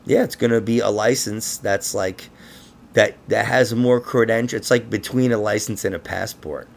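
A man's voice: on the low side, moderate pace, vocal fry. A man hosting a casual conspiracy podcast, rambling and laughing, with frequent swearing. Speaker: podcast host.

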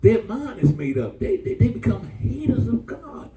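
Preacher man, lively swooping pitch. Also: normal speed. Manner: call-and-response preaching, jumps to high excited pitch. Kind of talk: sermon. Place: church. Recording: roomy church from far off.

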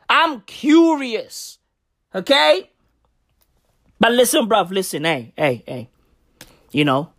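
A woman delivering a brash comedic rant full of slang, with wild swings in pitch and teasing, drawn-out lines.

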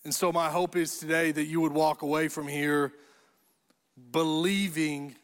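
A man's voice: fairly high pitch, fairly even intonation, unhurried, fairly bright tone. A man preaching a sermon as pastor, telling stories and building to emphatic repeated phrases. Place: church auditorium. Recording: long echo of a church hall.

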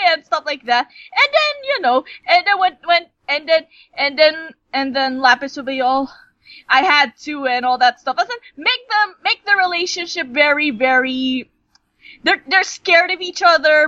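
A woman's voice: high voice, sharp tone, no echo, lo-fi sound. A young woman chatting casually about a cartoon, rambling, restarting her sentences and swearing freely. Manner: rambling, stumbling over words, swearing.

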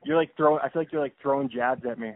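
A young man hosting a podcast over the phone, talking in an excitable, stammering way and laughing often. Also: mid-range voice, racing, a little hiss or hum. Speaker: podcast host. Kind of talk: casual chat on a phone call. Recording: tinny phone line.

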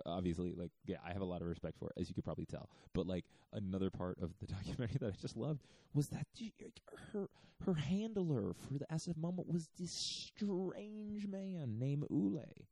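A podcast host rambles through a casual chat in a dark, low, gravelly voice, full of fillers and restarts. The recording is dry and rough.

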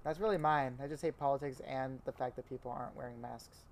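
A man's voice: medium pitch, fairly even intonation, fast, a little hiss or hum. A young man co-hosting a podcast, talking in a laid-back, chatty way and often trailing off. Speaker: podcast co-host. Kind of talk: casual chat.

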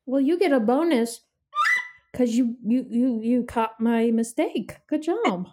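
A woman hosting a casual podcast chat, playful and quick to laugh. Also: a little high, expressive, warm tone. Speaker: podcast host.

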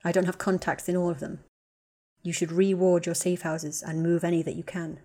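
A cold, guarded young wizard from a storybook , read by a woman in a slightly low voice. He speaks in clipped, terse lines with a bitter edge. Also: level tone, normal speed, mellow, natural voice. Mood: cold, curt.

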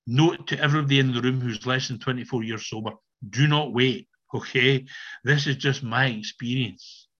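Earnest older man, bright lo-fi call audio. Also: medium pitch, breathy edge. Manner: earnest, emphatic, repeats words. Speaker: recovery meeting speaker. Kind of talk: personal testimony at a meeting. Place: online video meeting.

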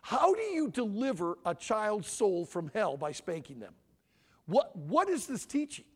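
A man in his sixties from Michigan, giving an animated sermon-style talk at a family conference and pressing his audience with questions. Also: sits high, measured pace, breathy edge. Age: 60s. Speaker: conference speaker.

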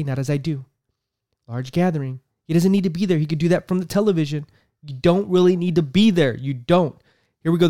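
A man's voice: on the high side, warm tone, no room sound, clean studio sound. Heated, cursing man ranting on politics. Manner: heated, profane, repeats himself. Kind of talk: angry political commentary.

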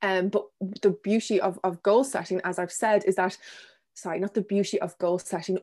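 A woman answering interview questions about self-compassion in a gentle, thoughtful way, pausing with ums and restarting her sentences. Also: medium pitch, fairly even intonation. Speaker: guest speaker on self-compassion.

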